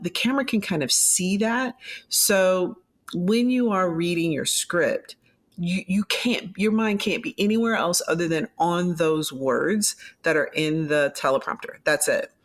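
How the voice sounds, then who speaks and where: A middle-aged woman, a former news anchor, talking in an interview in a reflective, animated way with frequent restarts. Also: fairly low pitch. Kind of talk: conversational interview.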